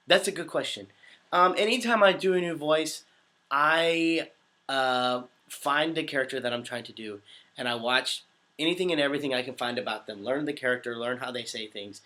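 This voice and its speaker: Rambling through a relaxed livestream Q&A, a twenty-something voice actor giggles and pokes fun at himself. He speaks at normal speed in a sharp voice on the high side, and seems a bit under the weather.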